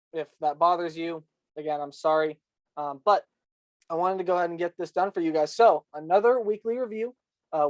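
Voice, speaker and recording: A man's voice: fairly high pitch, no room sound, highs cut off. Male host, congested, casual rambly recap, dry close sound. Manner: rambling, full of ums and likes.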